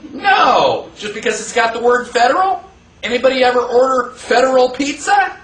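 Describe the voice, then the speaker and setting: Animated high-voiced man lecturing a class. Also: normal speed. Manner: animated, rhetorical questions, acts out quoted voices. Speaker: teacher. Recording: echoey room, voice from far off.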